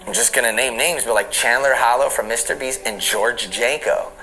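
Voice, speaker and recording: A man's voice: medium pitch, normal speed, pushed and bright, faint music behind, low-quality recording. A man in his late thirties giving a candid, reflective personal testimony in an interview, laughing now and then. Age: late 30s. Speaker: interview guest.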